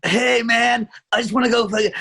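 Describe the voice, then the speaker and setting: A man's voice: extremely high pitch, steady tone, moderate pace, creaky, background noise. A man voicing a laid-back young California surfer dude with a slangy drawl and a put-on California accent. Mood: chill.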